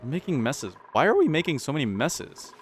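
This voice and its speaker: A man's voice: on the high side, big pitch swings, a little fast, soft background music. Anxious man commentating his game. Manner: anxious, talks to his characters, repeats lines. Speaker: gaming YouTuber. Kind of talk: live gameplay commentary.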